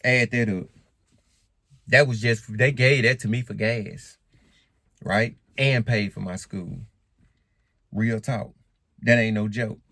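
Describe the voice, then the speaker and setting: A man vlogging casually to camera in African American Vernacular English, animated and emphatic, often repeating himself. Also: lowish voice, slow, pauses often, no echo. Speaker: credit and finance vlogger.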